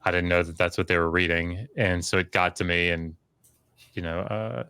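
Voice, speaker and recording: Low-voiced man telling a story, dry sound. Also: normal speed, smooth, dry recording. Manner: many fillers and restarts, animated when quoting others. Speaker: podcast guest, scholar. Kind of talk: casual conversational storytelling.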